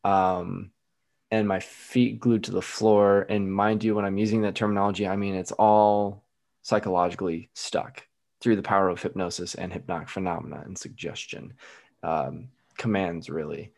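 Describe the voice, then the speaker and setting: A man from the Midwest, a guest hypnotist, telling stories in a lively, casual way. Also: deep voice, normal speed, gravelly. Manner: lively storyteller who laughs at his own stories. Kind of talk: casual storytelling.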